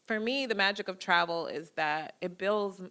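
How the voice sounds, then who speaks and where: A woman's voice: mid-range voice, normal speed, smooth. A woman in her thirties giving a public lecture, telling personal stories with acted-out dialogue. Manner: lively storytelling, acting out quoted dialogue. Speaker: guest lecturer. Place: lecture hall.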